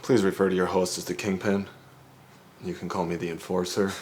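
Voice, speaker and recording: Gangster enforcer, actor, gruff and menacing, very low voice, faint room noise. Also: male voice, little pitch movement, a little fast, darkish tone, close to an everyday voice.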